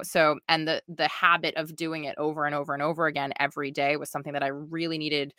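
A woman hosting a podcast who chats casually, talking quickly and rambling with lots of filler words. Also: low-pitched, sharp tone, no room sound, clean studio sound. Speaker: podcast host.

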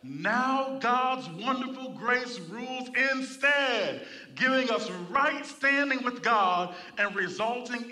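A man's voice: very high voice, expressive, takes it slowly, pushed and bright, recorded from a distance. A man preaching a sermon in church, reading scripture and calling for responses from the congregation. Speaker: pastor.

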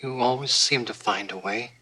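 An actor playing a calm man gently consoling a friend in a measured way. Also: mid-range voice, slight background noise, close to an everyday voice, low-quality recording.

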